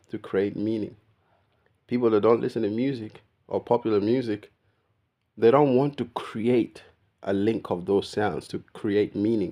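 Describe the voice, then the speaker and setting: Gravelly low-voiced man riffing casually. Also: mellow. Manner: rambling, talks to viewer as "bro"; mimics other people's greetings. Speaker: vlogger. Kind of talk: casual monologue.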